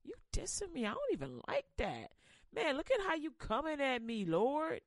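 A woman's voice: sits high, wildly swooping pitch, moderate pace, no room sound, studio quality, full character voice. A woman voicing Cain as a cocky, jealous young man who scoffs and talks in slang. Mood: resentful.

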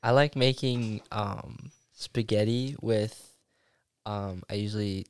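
Young male guest, low smooth voice, rambling, dry close sound. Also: steady tone, slow pace, no echo. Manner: rambling with many fillers. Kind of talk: casual chat.

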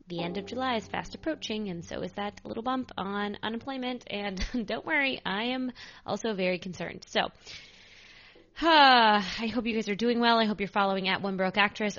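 A woman's voice: mid-range voice, fairly bright tone. A young woman hosting a podcast, talking in an upbeat, chatty, self-joking way. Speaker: podcast host. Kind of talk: casual podcast chat. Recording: slightly dull lo-fi sound.

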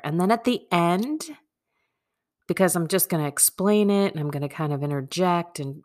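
Woman podcaster, stuffy nose, phlegmy, slow and low-ish, rambly and chatty. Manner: chatty, rambling, self-deprecating. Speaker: podcast host. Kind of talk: casual spiritual talk. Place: home room.

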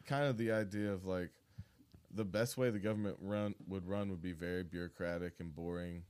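A man's voice: low-pitched, steady tone, a little fast, a little mellow, clean tone. A man co-hosting a podcast in casual, rambling, self-deprecating chat. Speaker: podcast co-host.

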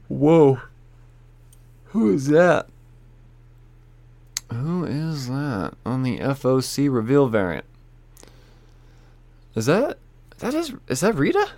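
A man's voice: medium pitch, a little mellow, dry recording. A man casually running through the week's new comic books, rambling, joking and swearing as he goes. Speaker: comic book shop owner reviewing weekly releases. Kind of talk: casual solo chat about new releases.

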